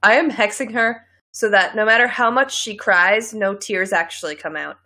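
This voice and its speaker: Bright-voiced giggly woman podcaster. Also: medium pitch, moderate pace. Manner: giggly, laughs often. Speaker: podcast co-host. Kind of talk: casual comedic podcast chat.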